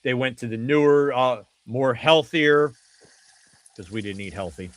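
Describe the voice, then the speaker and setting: A man's voice: mid-range voice, unhurried, dry recording. A man in a casual podcast chat, telling a long anecdote with frequent restarts and fillers.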